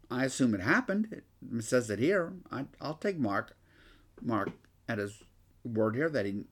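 A man's voice: medium pitch, breathy edge. A man leading a conversational Bible study. He reads scripture aloud, then explains it loosely, asks the group questions and often restarts his sentences while thinking aloud.

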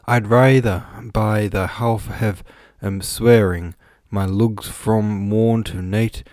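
A grumbling, pious old servant, put on by a man reading aloud, drawn out slow and loud in a low, dry voice. He scolds and rails at everyone around him. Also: steady tone, no room sound. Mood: scolding, indignant.

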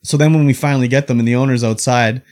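A man's voice: medium pitch, steady tone, fast talker, a little mellow. A man co-hosting a casual podcast, venting about work in a long rant with casual swearing. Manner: ranting storyteller, acts out quoted coworkers. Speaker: podcast co-host. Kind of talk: casual chat.

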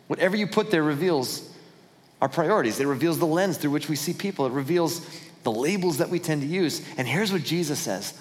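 A man's voice: fairly high pitch, expressive, brisk. A man preaching a sermon as pastor, retelling a story and acting out the voices of its characters. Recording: church hall with long reverb.

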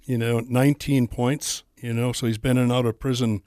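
A man leading a ministry, speaking as a guest on a radio show, halting and full of fillers. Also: mid-range voice, flat delivery, darkish tone, dry recording, studio quality. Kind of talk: casual radio interview.

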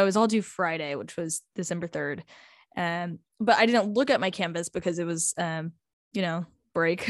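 A chatty eighteen-year-old woman recounts her week in a casual storytime vlog, peppered with "like" and "um" and frequent laughs. Her voice sits at an ordinary middle pitch. The sound is dry and close, with no room echo. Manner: chatty, lots of "like" and "um", laughs often. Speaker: high school student.

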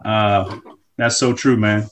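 Man, podcast host, very slow delivery, affirming, searching for words, clear background noise. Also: on the low side, fairly even intonation. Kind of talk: casual chat. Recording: noisy background hiss.

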